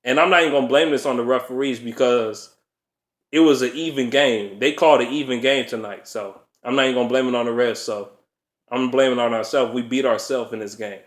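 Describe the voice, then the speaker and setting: A man ranting about a lost basketball game, swearing often, repeating himself and laughing in disbelief. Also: fairly quick. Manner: pitch jumps up sharply when worked up. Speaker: basketball fan vlogger. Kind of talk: angry game recap rant.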